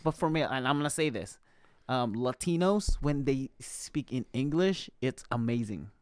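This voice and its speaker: A man's voice: medium pitch, animated, no echo. Filipino guy hosting a podcast, teasing and laughing a lot, dry close mic. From Philippines. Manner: playful, teasing, quick to laugh. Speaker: podcast host. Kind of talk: casual chat.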